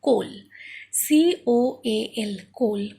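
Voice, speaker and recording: Female teacher, slightly high and husky, unhurried phonics lesson. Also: warm tone. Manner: slow, spells words letter by letter, frequent "okay?".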